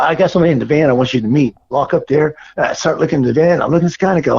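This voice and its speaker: An older man from the Florida Gulf Coast, a surfer guest telling animated stories in an interview and acting out what others said. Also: on the high side, racing, breathy edge. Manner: animated storyteller, acts out quoted voices. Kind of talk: casual storytelling interview. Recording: dull lo-fi recording.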